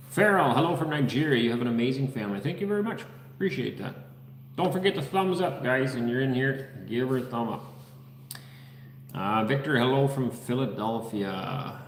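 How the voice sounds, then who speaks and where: A man's voice: mid-range voice, brisk, reverberant, big-room sound, slight background noise. A man from the Netherlands hosting a casual livestream from an unfinished house, reading viewers' comments and names aloud in an easygoing way. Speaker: livestream host. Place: unfinished house under construction.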